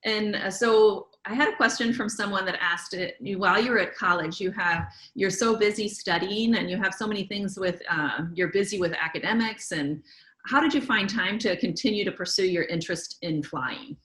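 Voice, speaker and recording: A woman's voice: medium pitch, normal speed, fairly bright tone. Woman hosting a video-call interview, asks long rambling questions, echoey room. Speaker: museum webinar host.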